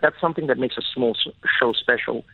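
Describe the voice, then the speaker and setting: A South African man, a comedian guest, telling stories in an animated way on a casual radio interview. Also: medium pitch, fast, no echo. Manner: animated, storytelling, laughing easily. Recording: tinny, phone-like, dry radio sound.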